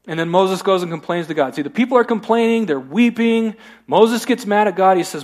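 A man's voice: a little high, measured pace, pauses often. A middle-aged man preaching a sermon as pastor, conversational with joking asides, in a church.

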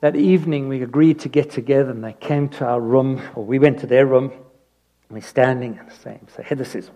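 A man preaching a sermon, telling a personal story with animated emphasis that drops into hushed asides. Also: medium pitch, normal speed.

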